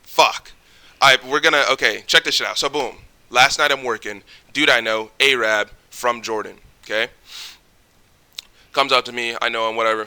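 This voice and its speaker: A man's voice: medium pitch, moderate pace, pushed and bright, clean tone. A man vlogging, telling a story casually and rambling with a lot of swearing. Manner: profane, rambling, with lots of fillers. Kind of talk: casual storytelling reaction video.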